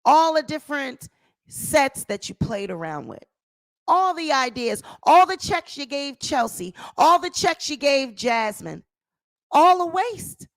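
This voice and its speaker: A woman's voice: high-pitched, big pitch swings, unhurried, no echo. A woman hosting a gossip commentary channel, talking emphatically and repeating phrases for effect. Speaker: channel host.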